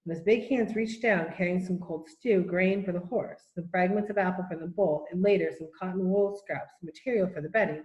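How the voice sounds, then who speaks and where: A woman reading a children's novel aloud in a steady, even manner, in an echoey room. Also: fairly low pitch, fairly quick, hardly any pauses, dull audio. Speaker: audiobook reader. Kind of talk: storybook narration.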